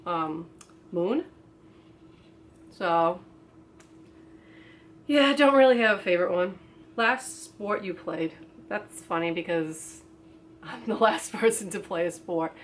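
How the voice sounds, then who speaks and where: A woman's voice: lowish voice, slight background noise. A young woman vlogging a casual question-and-answer video, reading each question aloud and answering off the cuff with lots of fillers. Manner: rambling, with many fillers.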